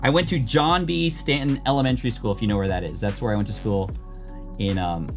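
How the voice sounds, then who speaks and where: A man's voice: on the low side, steady tone, a little fast, soft background music. A man chatting casually on a live stream, upbeat and reading out his chat. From United States. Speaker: streamer opening card packs.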